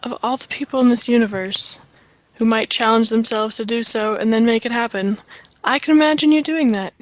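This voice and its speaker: A woman taking part in a collaborative role-play, describing actions in a soft and unhurried way. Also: on the high side, poor audio.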